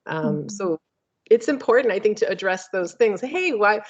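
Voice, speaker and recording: A woman gives a casual webinar talk, animated and chatty, her speech dotted with fillers. Her voice sits at an ordinary middle pitch. It comes through dull, lo-fi video call audio. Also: moderate pace. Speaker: webinar presenter.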